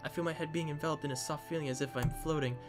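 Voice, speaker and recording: A man's voice: a little high, fairly even intonation, racing, faint music behind. A man reading a visual novel aloud in a dramatic way, slipping in joking asides. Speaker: game narrator.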